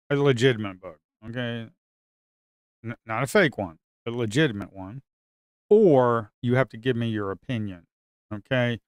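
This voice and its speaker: A man's voice: mid-range voice, normal speed, clean tone, no echo, studio quality. A man streaming his live trading who talks bluntly, swears, and repeats himself as he gets exasperated. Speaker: day trader streaming live. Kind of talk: casual live commentary while trading.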